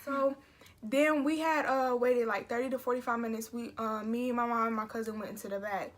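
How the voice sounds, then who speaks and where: A young woman talks straight to camera in a casual storytime vlog. She rambles and restarts her sentences, piling up fillers as she relives an emotional story. Her voice sits a little on the high side. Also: fairly even intonation, fairly quick. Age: young adult. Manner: chatty, emotional retelling with many fillers and restarts. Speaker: vlogger.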